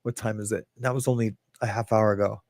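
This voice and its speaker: A middle-aged man hosts a livestream podcast, chatting casually, reading chat comments aloud and poking fun at himself as he rambles. His voice is fairly low and darkish, with fairly even intonation and a fast delivery. The studio-quality recording has no echo.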